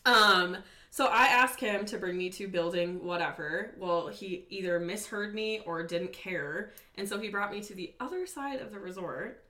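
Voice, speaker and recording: A young woman telling a long story on a casual podcast, animated and profane, full of "like" fillers. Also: mid-range voice, moderate pace, echoey room. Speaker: podcast guest.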